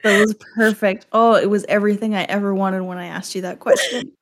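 A woman's voice: medium pitch, steady tone, a little fast. A woman hosting a casual chat, playful and enthusiastic, swearing freely.

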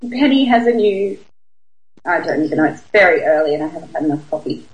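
A woman's voice: fairly low pitch, lively intonation, brisk, highs cut off. A young Australian woman co-hosting a podcast from home, talking in a laid-back, giggly, joking way. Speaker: podcast co-host. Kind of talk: casual chat. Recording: roomy echo.

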